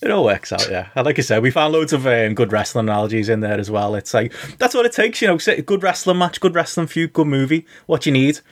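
A man's voice: medium pitch, big pitch swings, quick pace, hardly any pauses. A man co-hosting a podcast, rambling in casual chat with lots of fillers. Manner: rambling, filler-heavy chatter. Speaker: podcast co-host.

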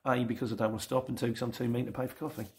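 A man's voice: medium pitch, flat delivery, very fast, a little hiss or hum. A middle-aged man with a London accent hosts a casual Q&A, reading out viewer comments in a chatty, rambling way with self-mocking asides. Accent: London English. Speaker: YouTube channel host.

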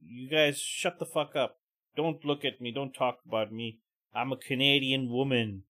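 A man voicing a drunk, angry middle-aged woman who curses and shouts as she rants. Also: medium pitch, fairly even intonation, normal speed, natural voice. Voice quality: shouty, cursing.

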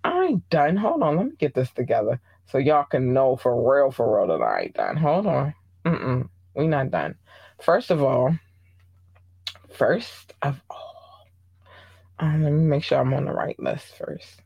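Baltimore host gushing over listeners, mid pitch, dry close sound. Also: huge pitch swings, moderate pace, gravelly, few pauses, darkish tone, breathy edge, no room sound, muffled recording. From Baltimore, Maryland. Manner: effusive and affectionate, big playful pitch jumps. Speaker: podcast host. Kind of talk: casual listener shout-outs.

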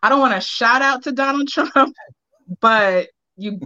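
A woman in her thirties from Boston, a real estate agent telling her story as a guest in a casual interview, candid and quick to laugh. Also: sits high, bright, forceful tone, no room sound, dull audio. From Boston, United States.

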